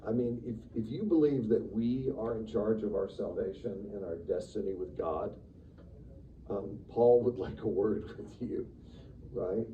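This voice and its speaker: A man teaching a church Sunday school class in a lively, conversational way, acting out the quotes he reads. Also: lowish voice, unhurried. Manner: animated, conversational, acts out quotes with sudden loud bursts. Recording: distant, dull room recording with faint noise.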